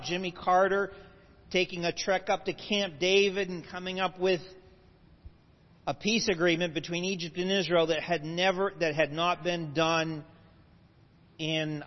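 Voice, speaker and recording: A man lecturing to a live audience, explaining step by step, with asides and self-corrections. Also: high voice. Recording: dull lo-fi audio with long hall reverb.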